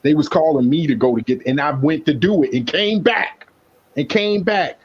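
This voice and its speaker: A fairly high-pitched man rants in a heated, profane, boastful way. He talks loosely as a panelist on a live stream. The audio is dull and lo-fi. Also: moderate pace, breathy edge. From South Side of Chicago. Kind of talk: casual chat, ranting.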